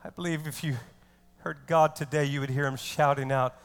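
A man preaching a fiery sermon as pastor, shouting and repeating words for emphasis. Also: fairly high pitch, steady tone, moderate pace, clean tone. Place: church hall. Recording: reverberant church hall.

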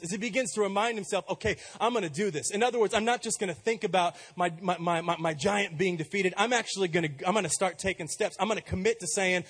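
A man's voice: sits high, fairly bright tone, husky. A man preaching a sermon as pastor, emphatic and repetitive with many restarts.

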